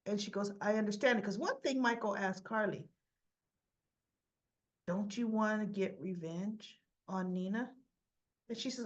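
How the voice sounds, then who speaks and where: A woman's voice: medium pitch, unhurried, lo-fi sound. A woman casually recapping a soap opera episode, chatty, retelling scenes with quoted lines and asides.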